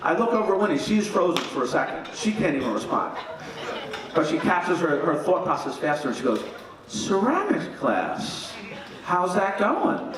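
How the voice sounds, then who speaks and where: Man, middle-aged, fairly high voice, storytelling wedding speech, playful, very reverberant hall, distant mic, faint noise. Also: a little fast, a crowd in the background. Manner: humorous, animated, acts out quoted voices. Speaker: father of the groom giving a wedding speech.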